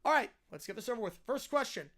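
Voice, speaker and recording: A man hosting a parody game show with deadpan, wry asides. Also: very high-pitched, fast talker. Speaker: host.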